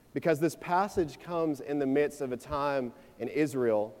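A man in his twenties giving a sermon, telling a personal story in a conversational, energetic way before moving into his teaching. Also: a little high. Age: 20s. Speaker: preacher. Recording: long reverb of a large hall.

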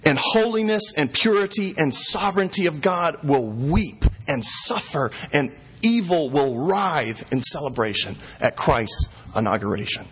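A man's voice: on the high side, sing-song, a little slow, fairly bright tone, breathy edge. A man preaching a sermon, retelling scripture in casual, conversational words and repeating lines for emphasis. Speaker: pastor.

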